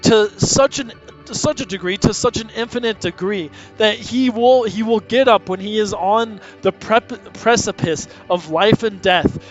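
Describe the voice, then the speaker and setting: A man's voice: sits high, a little slow. A young man reading a comic aloud in casual, laughing, profane commentary, on dull lo-fi audio. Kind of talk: casual read-along commentary. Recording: dull lo-fi audio, faint music.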